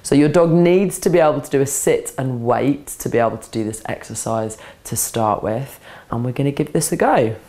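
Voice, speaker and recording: A woman dog trainer, calmly explaining a scent game step by step while softly praising and cueing a dog. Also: extremely low pitch, normal speed. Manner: calm, practical explaining, breaking into soft praise and commands to a dog. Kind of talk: instructional demonstration. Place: indoors, training session with a dog.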